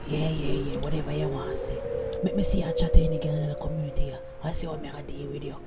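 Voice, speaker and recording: A woman with a Jamaican accent voicing a jealous, sharp-tongued older woman who scolds in bossy patois. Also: low voice, flat delivery, fast, over loud music. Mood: jealous scolding.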